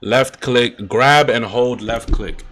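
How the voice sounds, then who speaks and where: A young man streaming and chatting casually, excitable and slangy with emphatic outbursts. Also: mid-range voice, slow, a little hiss or hum. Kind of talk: casual gaming and anime chat.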